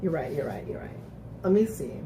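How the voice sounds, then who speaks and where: A woman's voice: low voice, sing-song, brisk, noisy background. A woman hosting a casual live-stream recap, chatting with viewers, laughing often and restarting her sentences. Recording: echoey room.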